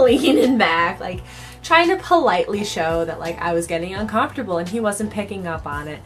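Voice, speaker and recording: A woman's voice: fairly low pitch, big pitch swings, moderate pace, faint music behind. Chatty young woman telling a storytime. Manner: chatty, filler-heavy with frequent "like". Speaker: cosplay vlogger. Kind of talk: casual storytime.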